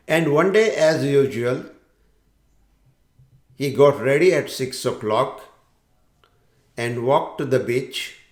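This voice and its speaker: A man giving a talk on forgiveness, telling a parable in a slow, deliberate storytelling manner. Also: mid-range voice. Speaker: speaker on forgiveness. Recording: roomy echo.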